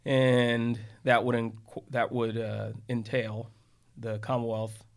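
A defense attorney co-hosting a podcast tells stories in a medium-pitched, flat, gravelly voice, taking his time. He rambles casually, restarting sentences and wandering into asides.

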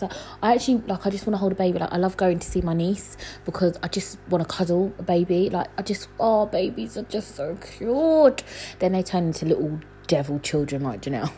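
A young woman, hosting a casual solo podcast from home at night, rambling and chatty with lots of fillers and laughs, talking quietly. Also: fairly low pitch, slight background noise, rough recording. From London. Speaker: podcast host.

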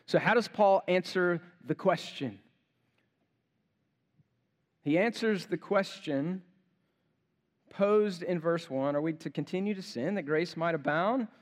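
A male pastor preaching a sermon, emphatic, building to forceful rhetorical questions. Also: high-pitched. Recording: long hall reverb.

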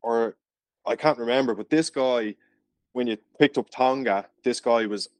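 A man's voice: medium pitch, moderate pace, no echo. Chatty Irish man telling stories. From Ireland. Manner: chatty storyteller, laughs often. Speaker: podcast guest. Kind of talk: casual chat.

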